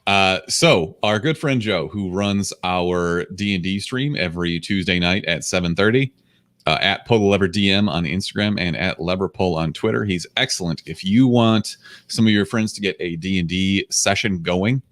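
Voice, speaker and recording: A man's voice: sits low, moderate pace, a bit bright, no echo. A man hosting a casual podcast, wry and profane, reading plugs. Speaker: podcast host.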